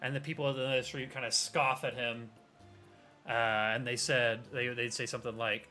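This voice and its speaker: A man's voice: medium pitch, moderate pace, pushed and bright, faint music behind. A man narrating as game master for a tabletop game, rambling loosely with hedges.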